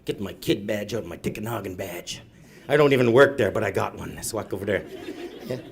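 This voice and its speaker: A man's voice: lowish voice, animated, brisk, vocal fry, a little hiss or hum. A middle-aged man doing stand-up storytelling, rambling and self-mocking, tagging "eh" onto his lines. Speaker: comedian. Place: live event room.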